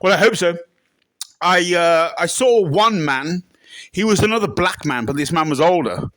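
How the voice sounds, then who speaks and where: High bright-voiced man, comic interviewee. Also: animated, moderate pace, no echo, low-quality recording. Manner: bursts into loud shrieking impressions. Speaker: interviewee in a comedy sketch.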